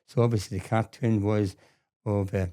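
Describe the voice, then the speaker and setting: An older man, telling stories as a guest in a casual interview, animated and acting out quotes, often repeating words. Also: on the low side, moderate pace.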